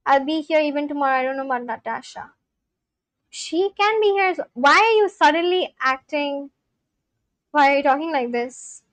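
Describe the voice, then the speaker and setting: Casually chatting with viewers on her stream, a young woman responds to chat in loose speech full of fillers, both scolding and reassuring them. Her voice is high with a fairly bright tone, and the recording is dry.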